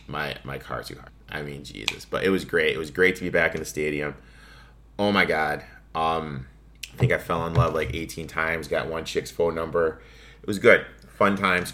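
Man, podcast host, low voice, bright and forceful, casual profane rant. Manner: profane, ranting, offhand. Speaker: sports betting podcast host. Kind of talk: casual solo podcast monologue.

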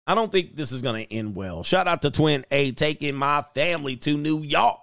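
Man, stream host, casual, slangy, laughs often, slightly high pitch. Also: expressive, moderate pace, gravelly, fairly bright tone, no room sound, studio quality. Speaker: show host. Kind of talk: casual livestream chat reading viewer comments.

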